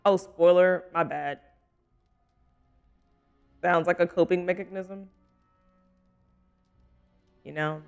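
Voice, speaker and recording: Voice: mid-range voice, steady tone, slow pace, vocal fry, pauses often, clean tone, lo-fi sound, soft background music. A young adult streamer in casual live stream chat while gaming, giggly, chatty and playfully teasing.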